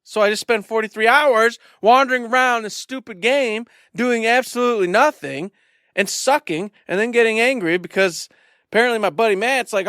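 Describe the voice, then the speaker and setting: A man's voice: very high voice, normal speed, a bit bright, clear, resonant tone, dry recording, studio quality. A man in his thirties co-hosting a podcast, telling stories in a self-mocking, exasperated way and acting out the people he quotes. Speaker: podcast co-host. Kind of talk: casual chat.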